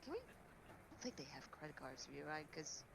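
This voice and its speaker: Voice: mid-range voice, sing-song, fast talker, gravelly. Stammering tabletop player, noisy recording. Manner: hesitant, stammering. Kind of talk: in-character tabletop play.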